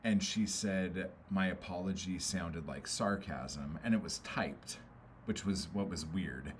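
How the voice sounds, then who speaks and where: A man with a very low, deep voice rambles through a frustrated venting session on a casual livestream. He swears freely and keeps stalling on fillers as he talks it through. A faint hum sits behind him. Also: slow pace. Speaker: poet and streamer.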